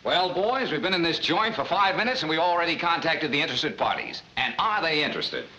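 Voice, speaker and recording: An actor playing a boastful swindler who talks in a breezy way, 1940s film style. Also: male voice, a little high, lively intonation, brisk, pushed and bright, a little hiss or hum, low-quality recording.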